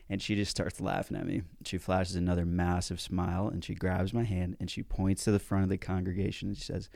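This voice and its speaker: A man telling a personal story in a casual, animated way, with some mild swearing, as a self-help speaker. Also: deep voice, a little fast, gravelly, dry recording, studio quality. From United States.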